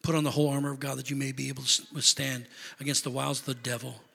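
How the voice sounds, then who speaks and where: A man preaching a sermon as pastor, building to loud emphatic peaks and dropping into quieter asides. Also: medium pitch, flat delivery, very fast, creaky, breathy edge, in a large hall. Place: church sanctuary.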